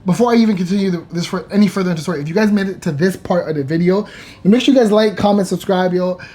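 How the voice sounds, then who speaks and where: The co-host of a couple's channel recounts his partner's labour in casual, slangy storytelling. His voice is high and warm and he races along, tripping over words and starting over as he gets worked up.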